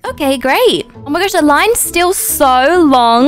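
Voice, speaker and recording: A young woman giving chatty roleplay commentary, her voice high and bright. She gasps, jokes with herself and keeps up a playful running patter. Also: expressive, moderate pace, faint music behind. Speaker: YouTuber.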